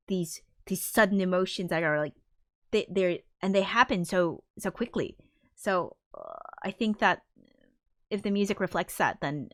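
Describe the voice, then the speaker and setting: A woman's voice: fairly low pitch, dry recording, studio quality. A woman composer chatting casually on a livestream, rambling with frequent restarts and casual swearing. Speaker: composer streaming her work.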